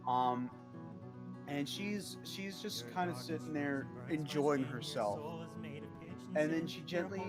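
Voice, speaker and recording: A game master narrating a tabletop game at a slow, unhurried pace, pausing often with fillers. The voice moves through a lively range, and faint music runs underneath. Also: mid-range voice. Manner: relaxed, hesitant, full of fillers.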